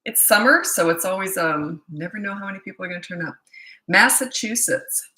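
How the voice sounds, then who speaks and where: A woman's voice: medium pitch, fairly quick, bright, forceful tone. A middle-aged woman from Canada, a tired parenting coach chatting casually with viewers on a livestream and reading out their comments. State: tired, low energy. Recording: echoey room.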